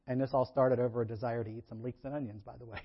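A man's voice: mid-range voice, quick pace, slightly rough. Man preaching on a dull lo-fi recording. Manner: conversational, acts out Bible characters with lively shifts; laughs between points. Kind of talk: sermon.

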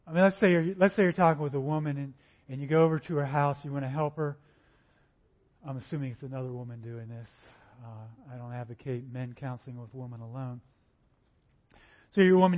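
Man, preacher, sermon, fairly high voice, acts out dialogues, dull lo-fi recording.

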